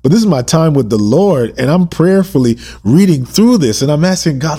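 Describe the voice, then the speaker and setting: Passionate husky-voiced man preaching. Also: fairly high pitch, expressive, moderate pace, hardly any pauses. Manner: emotional, passionate, repeats rhetorical questions; swings between urgent and hushed delivery. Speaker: podcast host. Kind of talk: impassioned Bible-reading podcast.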